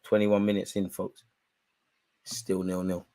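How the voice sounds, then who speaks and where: A young man hosting a football watch-along, commenting live and shouting at the referee. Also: unhurried. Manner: animated, shouts at the referee, spikes in pitch and volume.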